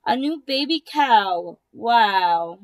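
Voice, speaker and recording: A woman voicing a proud new mother cow in a read-aloud storybook, gentle and delighted. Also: a little high, expressive, drawn-out words.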